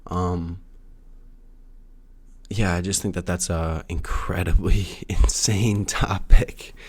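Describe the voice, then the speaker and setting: A man's voice: sits low, fairly even intonation, slow pace, a little mellow, breathy edge. A young man talking alone in a casual, rambling monologue, full of restarts and fillers and the odd swear word. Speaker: solo podcaster. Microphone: no camera, audio only.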